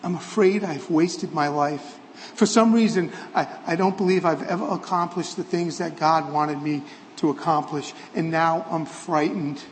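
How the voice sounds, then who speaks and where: A man voicing a frail, dying elderly bishop who speaks quietly, slowly and tenderly. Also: on the high side, long reverb tail, slight background noise, lightly acted. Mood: fearful.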